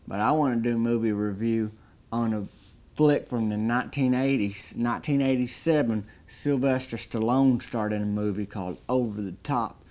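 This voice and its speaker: A man giving a deadpan comedic movie review, talking in a folksy drawl and building up exaggerated hype. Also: mid-range voice, moderate pace.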